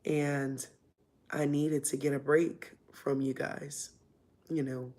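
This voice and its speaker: A woman's voice: extremely low pitch, flat delivery, slow, a little mellow. A woman casually telling a personal story, rambling with lots of fillers and acting out what people said. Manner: rambling, with frequent fillers and re-enacted dialogue. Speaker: vlogger telling her life story.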